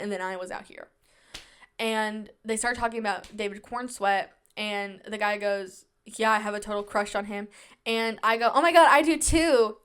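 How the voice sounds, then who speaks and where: A woman's voice: mid-range voice, a bit bright, smooth. A young woman hosting her own podcast, talking casually and at length, full of fillers and self-reassurance, shy and introverted by her own account. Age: young adult. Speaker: podcast host. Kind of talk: casual solo podcast chat.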